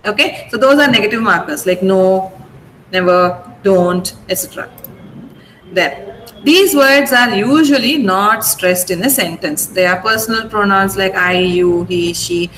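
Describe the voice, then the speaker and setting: A woman's voice: on the high side, a bit bright. A woman with an Indian English accent teaching an online English pronunciation lesson. She drills words syllable by syllable and keeps checking with "okay?". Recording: echoey room, faint ambient noise.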